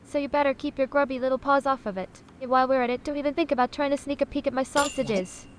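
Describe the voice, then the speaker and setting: This is a high, fast text-to-speech woman's voice with fairly even intonation and light acting, heard over slight background noise. It voices a sassy AI chatbot calling itself a sausage, haughty, dramatic and condescending, with honey constantly on its lips.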